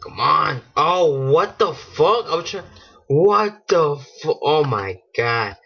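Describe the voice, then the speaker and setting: Male gamer host, excitable and foul-mouthed, husky, dull lo-fi mic with mouse clicks. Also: fairly high pitch, slow. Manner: excitable, swearing, laughing at himself. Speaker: gaming channel host. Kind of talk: casual let's-play commentary.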